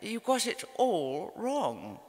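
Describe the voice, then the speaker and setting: A woman's voice: medium pitch, wildly swooping pitch, slow, a little mellow, a little hiss or hum. An English woman, an author, quoting her stern, dry elderly mother in a curt, withering tone on stage. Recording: reverberant hall.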